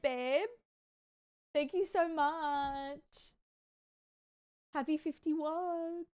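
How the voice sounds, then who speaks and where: High-voiced streamer laughing through her reactions. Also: lively intonation, slow, pauses often. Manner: laughs often, chatty, reacts with amused exclamations. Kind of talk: casual live-stream chat, reacting to clips.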